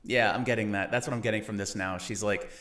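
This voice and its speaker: Brief: low-pitched male host reacting to a clip with dry, wry remarks. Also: steady tone, quick pace, a bit bright. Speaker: commentary host. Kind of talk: reaction commentary.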